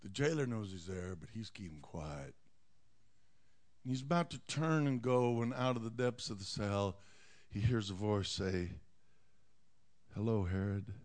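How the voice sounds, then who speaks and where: A man's voice: lowish voice, expressive, normal speed. A male preacher retelling a Bible story dramatically, acting out scenes with folksy asides.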